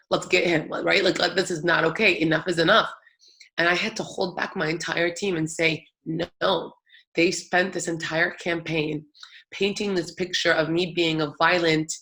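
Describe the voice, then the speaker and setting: A woman's voice: sits low, fairly bright tone. A young adult woman giving a talk, telling her own story in an earnest, emphatic way. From United States. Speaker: public speaker.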